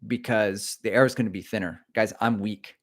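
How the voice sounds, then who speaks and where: A man's voice: on the low side, fairly even intonation, moderate pace. A middle-aged man hosting a casual livestream, reading out viewer comments and chatting in a rambling, self-deprecating way.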